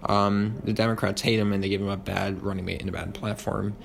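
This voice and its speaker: A young man reviewing history fast, with lots of ums and uhs, over faint background noise. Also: on the low side, flat delivery, vocal fry. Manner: quick, with many ums and uhs. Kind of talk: rapid study review.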